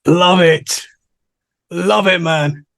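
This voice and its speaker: An English man hosting a podcast in a casual chat, upbeat and quick to laugh. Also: sits high, steady tone, creaky, a bit bright, dry recording, clean studio sound. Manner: upbeat, laughs easily, enthusiastic praise. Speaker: podcast host.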